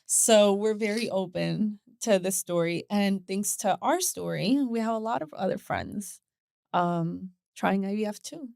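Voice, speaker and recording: A woman with a mid-range, gravelly, darkish voice speaks a little slowly. As a podcast guest, she openly tells a personal story in casual conversation, acting out quotes and laughing now and then.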